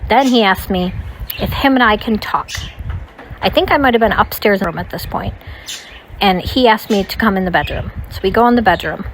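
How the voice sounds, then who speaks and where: A woman's voice: medium pitch, brisk, slight background noise, poor audio. A woman recounting a personal story in a casual, rambling way, full of "like" and "you know". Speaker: storytime vlogger.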